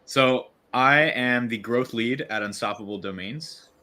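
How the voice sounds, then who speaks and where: Speaking at a measured pace, the man has a medium-pitched, bright, forceful voice. He's a growth lead from Virginia guesting on a casual livestream by video call, hesitantly explaining his work with many fillers and false starts.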